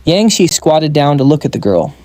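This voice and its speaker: A man giving brisk scripted narration of a comic recap. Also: fairly high pitch, big pitch swings, warm tone, dry recording.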